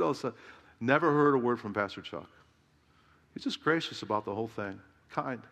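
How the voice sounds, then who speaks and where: A man's voice: mid-range voice, a bit bright. Emphatic male preacher in a reverberant hall. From Southern California. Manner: emphatic preaching, rhetorical questions to the congregation. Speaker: pastor. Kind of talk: sermon. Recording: long reverb of a large hall.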